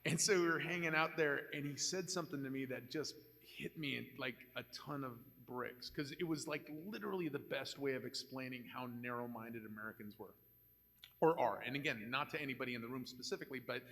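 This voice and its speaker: A man's voice: medium pitch, fairly quick, creaky, a bit bright, long reverb tail. An older man on a live convention panel, telling candid, joking anecdotes.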